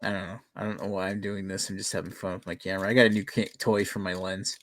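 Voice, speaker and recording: A man hosting a casual podcast chat, loud and profane, laughing often. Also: low-pitched, flat delivery, quick pace, dry recording.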